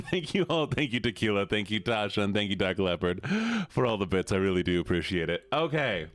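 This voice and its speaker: A man's voice: fairly low pitch, brisk, dry recording, soft background music. A man streaming live and chatting casually and animatedly with his viewers. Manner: animated, chatty, talks straight to chat.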